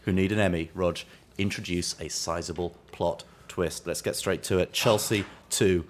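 A man's voice: low voice, steady tone, moderate pace. A man co-hosting a football podcast, talking in a playful, mock-grand way with frequent asides. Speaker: podcast co-host. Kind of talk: comedic football podcast chat.

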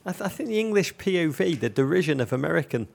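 A man co-hosting a podcast, riffing in florid, deadpan comic turns of phrase. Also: on the high side, quick pace, creaky. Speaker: podcast co-host. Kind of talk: casual banter.

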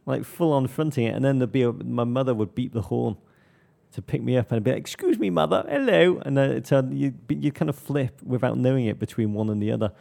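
A man's voice: mid-range voice, quick pace, gravelly, warm tone. A man from Liverpool with a light Liverpool accent, co-hosting a podcast and telling anecdotes in a dry, wry way. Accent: light Liverpool English. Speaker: podcast co-host. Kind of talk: casual chat, anecdotes.

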